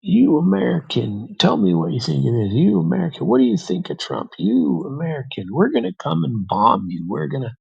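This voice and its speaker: A man putting on a drunk, belligerent stranger from a train, loud and taunting, in a gravelly voice. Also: fairly high pitch, very animated, a little fast, hardly any pauses, highs cut off, voice pushed up, heavily acted. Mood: drunken taunting.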